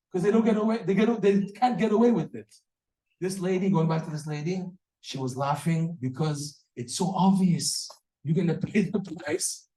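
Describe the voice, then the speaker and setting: Animated man giving a Torah class. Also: fairly high pitch. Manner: lively storyteller, acts out quotes, laughs at his own jokes. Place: hall or synagogue with audience. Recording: echoey room.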